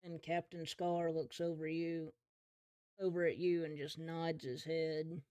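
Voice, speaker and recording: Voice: medium pitch, little pitch movement, a little slow, a little mellow, clear, resonant tone, dry recording. Casual GM narrating a pirate adventure, teasing players, dry close mic. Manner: casual, laughing, playful narration. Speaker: game master. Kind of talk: narrating a tabletop game.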